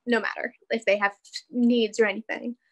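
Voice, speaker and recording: Speaking at normal speed with a somewhat high voice and flat delivery, a young dancer from the United States is a guest in a video-call interview. She keeps it casual, laughs a lot, and says "like" and "you know" constantly.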